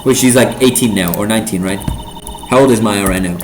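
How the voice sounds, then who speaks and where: A man's voice: fairly low pitch, a little fast, soft background music. Casual man commenting on gameplay. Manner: casual, offhand asides with swearing. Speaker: let's play gamer.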